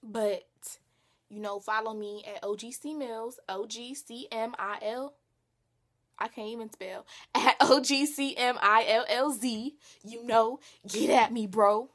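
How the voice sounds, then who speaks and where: A woman's voice: on the high side, steady tone, measured pace, a bit bright. A young woman chatting casually to her camera in a vlog, playful, slangy and teasing herself. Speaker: vlogger.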